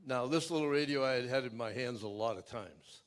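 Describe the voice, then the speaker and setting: An older man giving a keynote speech, telling a dramatic personal story in a folksy way that swings from loud to hushed. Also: mid-range voice, a little fast. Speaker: keynote speaker. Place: outdoor memorial event.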